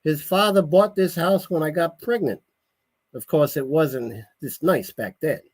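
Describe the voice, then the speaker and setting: A worried older woman with a Brooklyn accent pours out her fears, slow and pleading, as a man puts her on. The voice sits high, with a husky, breathy edge. She sounds fretful and on the verge of tears throughout. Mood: reminiscing.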